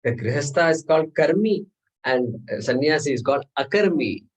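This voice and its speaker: In a classroom, a man with a husky, expressive voice on the high side teaches a scripture class at a moderate pace, heard through a rough recording. He lectures step by step, often checking in with "okay?" and posing rhetorical questions to the students.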